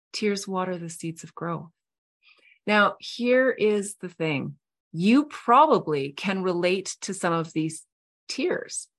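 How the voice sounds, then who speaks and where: A middle-aged woman hosting a podcast, telling a personal story in a heartfelt, earnest way with soft pauses. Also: medium pitch. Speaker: podcast host. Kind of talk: reflective storytelling monologue.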